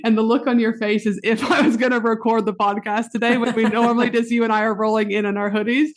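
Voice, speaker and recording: A woman hosting a podcast over a video call, chatting casually and giggling while she tells quick animated stories. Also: on the high side, noisy background. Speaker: podcast host, business coach. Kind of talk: casual interview chat.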